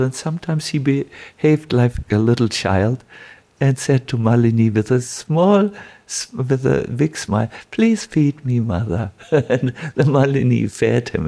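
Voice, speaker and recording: Unhurried male spiritual teacher, gravelly voice, lively pitch, chuckles through his devotional stories. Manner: unhurried, chuckling, many fillers. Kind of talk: devotional storytelling lecture.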